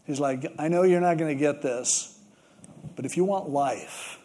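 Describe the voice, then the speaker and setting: A man's voice: fairly high pitch, a little slow, dark tone, slight background noise. A man preaching a sermon, telling stories and acting out the voices in them. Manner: storytelling, acts out quoted voices. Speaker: pastor.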